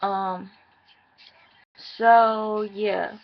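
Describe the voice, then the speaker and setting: A woman's voice: medium pitch, steady tone, very slow, lo-fi sound, slight background noise. A woman chatting casually and profanely as she recaps a reality show for her viewers.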